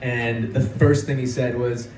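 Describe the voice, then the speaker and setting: A man moderating a convention panel with lively, playful banter. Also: medium pitch, a little slow, a little hiss or hum. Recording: echoey hall, distant mic, loud crowd.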